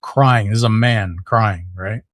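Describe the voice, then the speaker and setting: A middle-aged man, a podcast guest, telling a story in casual conversation, animated, with lots of fillers and restarts. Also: lowish voice, unhurried, no echo.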